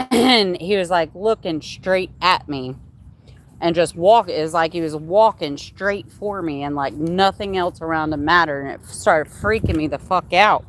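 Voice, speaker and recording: A young woman hosting a livestream recounts a candid personal story, her casual talk full of profanity. Her fairly low voice moves a little slowly, with a little hiss or hum in the background.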